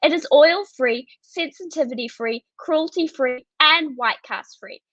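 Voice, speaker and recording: A teenage girl giving a rehearsed pitch for her student business over a video call, in a clear, recited delivery. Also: a little slow, fairly bright tone, dry recording. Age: teens. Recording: dull, dry video-call audio.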